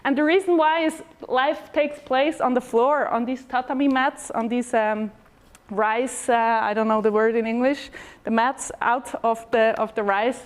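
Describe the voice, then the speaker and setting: Lively woman giving a stage talk. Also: a little high, measured pace. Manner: lively, chatty, with fillers and restarts. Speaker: speaker at a talk event. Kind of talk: short presentation talk. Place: event hall.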